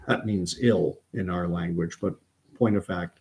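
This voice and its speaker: A Canadian man hosting a late-night livestream from home, reading his written thoughts aloud in an unhurried way, with frequent fillers and restarts. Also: deep voice, creaky, darkish tone, husky. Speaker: channel host.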